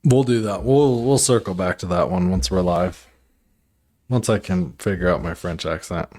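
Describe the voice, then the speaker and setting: A man's voice: low-pitched, normal speed, a little mellow. A man co-hosting a podcast, joking and rambling in a laid-back, casual chat. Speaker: podcast co-host.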